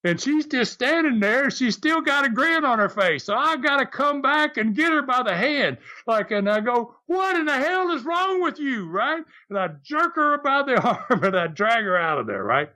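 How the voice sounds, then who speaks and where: A man's voice: extremely high pitch, moderate pace, hardly any pauses. An older man, hosting a podcast and telling stories, acting out the quotes with energy. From American South. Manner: animated, acts out shouted quotes. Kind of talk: storytelling chat.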